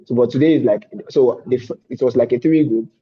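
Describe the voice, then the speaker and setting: A man's voice: medium pitch, a little fast, husky. Hesitant man on a lo-fi video call. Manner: hesitant, many fillers. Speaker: fellowship student. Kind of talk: online meeting update. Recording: dull lo-fi call audio.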